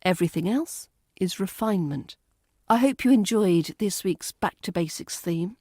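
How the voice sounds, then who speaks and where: A woman with a British RP accent, giving a calm, measured, scripted podcast lesson as an accent coach. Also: lowish voice, dry recording, clean studio sound.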